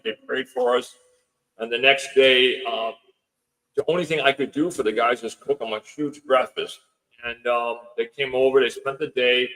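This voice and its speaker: A fairly bright, mid-range male voice comes through on a low-quality recording. The man, a house owner appearing as a podcast guest, casually recounts a long story, relaying others' remarks over and over. He meanders, often restarting and using filler words.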